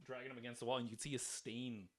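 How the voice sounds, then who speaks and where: A man hosting a comedy podcast, originally from Canada, telling animated stories and acting out hecklers in casual chat. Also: mid-range voice, rapid-fire. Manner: animated storyteller, acts out hecklers.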